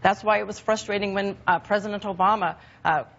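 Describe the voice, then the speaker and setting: Female panel commentator, rapid and assured delivery, lo-fi broadcast sound. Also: mid-range voice, steady tone, creaky, a bit bright. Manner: quick, assured, defending her side. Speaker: political commentator. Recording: dull lo-fi broadcast audio.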